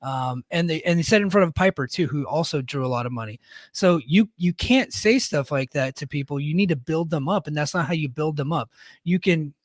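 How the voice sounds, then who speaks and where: Middle-aged guy, kinda high voice, blunt storyteller, tons of "right?", dead dry mic. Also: lively intonation, fairly quick, no room sound. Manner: blunt, storytelling, fond of "right?" tag questions. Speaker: podcast co-host; military leader. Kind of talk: casual podcast chat.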